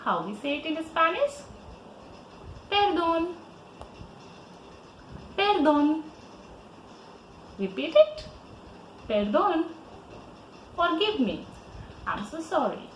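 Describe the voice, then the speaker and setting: Slow, lively woman teaching young children. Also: high voice, echoey room, a little hiss or hum, rough recording. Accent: Indian English. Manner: slow, lively, sing-song teaching voice with repeat-after-me prompts. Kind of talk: online lesson for young children.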